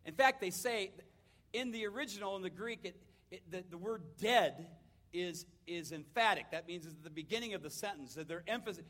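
A man with a high-pitched voice delivers a sermon as a vivid story. He swings between loud, urgent lines and hushed ones, acting out the people he quotes. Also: brisk. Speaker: pastor.

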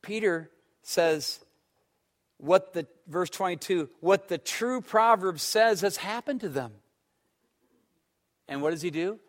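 A man preaching a sermon, telling stories and swinging between loud emphatic stretches and hushed ones. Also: high voice, slow, pauses often. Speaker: pastor.

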